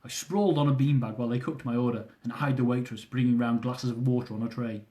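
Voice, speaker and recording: A man's voice: mid-range voice, steady tone, fast, mellow. A young man reading aloud from his own travel memoir, with dry, self-mocking humour.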